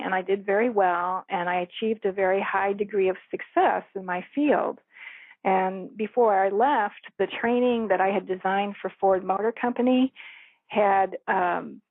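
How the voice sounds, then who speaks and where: A middle-aged woman with a gravelly, dry voice tells her life story earnestly, pausing to reflect and laughing softly now and then. Her voice comes through a thin, narrow phone line. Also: medium pitch, no echo. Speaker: radio host. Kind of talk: personal storytelling.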